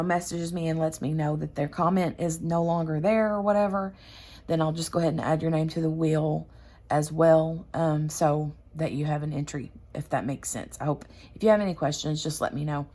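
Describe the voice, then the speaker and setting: A woman's voice: low-pitched, a little mellow. A woman hosting a craft channel, chatting casually and rambling with lots of fillers. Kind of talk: casual chat.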